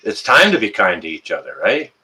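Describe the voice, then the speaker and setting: A man's voice: fairly low pitch, big pitch swings, a little fast, pushed and bright, rough recording. A middle-aged Canadian man with a Canadian accent, hosting a casual live stream and chatting through viewer comments with plenty of fillers. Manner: chatty, rambling, many uh fillers.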